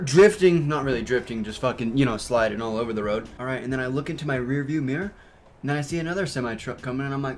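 A young man chatting casually over gameplay, telling a story full of swearing and fillers, and getting loud and worked up at the game. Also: medium pitch, brisk, slight background noise. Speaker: gaming YouTuber.

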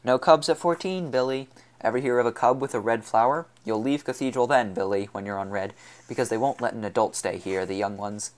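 A man reading the part of a hardened young man on the run, asking questions in a steady, measured way. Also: medium pitch, natural voice. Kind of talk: audiobook character reading.

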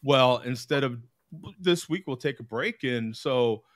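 A man from the United States hosting a casual video-call chat, talkative, laughing often and reading aloud in a halting way. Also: medium pitch, no room sound. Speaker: host.

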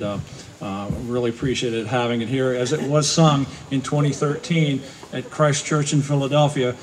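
A man introducing performers and guests as master of ceremonies at a public ceremony, speaking haltingly with many pauses. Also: mid-range voice, noisy background. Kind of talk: ceremony announcing. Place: outdoor park ceremony.

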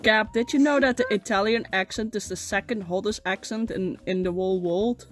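A woman streamer chatting and laughing during a game, swearing and letting out loud exclamations. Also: mid-range voice, a little fast, soft background music. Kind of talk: gaming stream chat.

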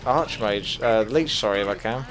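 A man commentating his own strategy game as he plays it, swearing freely and flaring into loud rage before calming down again. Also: lowish voice, moderate pace. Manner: swears a lot, flares into loud rage then calms. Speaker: gaming commentator. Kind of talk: gameplay commentary.

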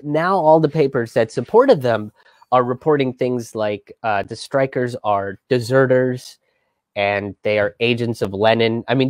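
With a lowish voice and no echo, a comedian-host delivers casual history commentary on his own show. He rambles loosely, leans on fillers, and brings a wry, profane edge.

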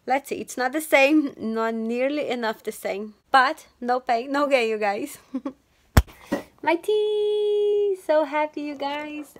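A young woman at home chatting in a casual daily vlog, excitable and talking straight to her viewers. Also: high-pitched, slow. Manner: chatty and excitable, often says "you guys" to viewers. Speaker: vlogger, stay-at-home mom.

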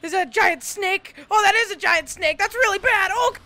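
A woman narrates her game with mock-heroic drama, cursing and yelling at enemies. Her voice is very high and bright, and it sits dry and close with almost no room sound. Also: a little fast, no room sound. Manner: melodramatic mock-heroic monologues, swearing and yelling. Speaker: gamer. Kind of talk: gameplay commentary.

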